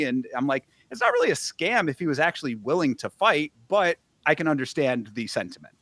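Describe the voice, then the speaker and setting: A man's voice: fairly high pitch, sing-song, brisk, hardly any pauses, fairly bright tone, dry recording. A man co-hosting a casual film review chat, retelling scenes with wry sarcasm and laughter. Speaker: podcast co-host.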